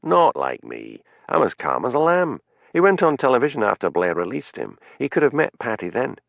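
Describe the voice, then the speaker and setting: A man's voice: mid-range voice, huge pitch swings, moderate pace, creaky, dry recording, lo-fi sound, voice pushed up. A man doing a blunt, sardonic detective. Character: blunt, hard-drinking male detective, sardonic.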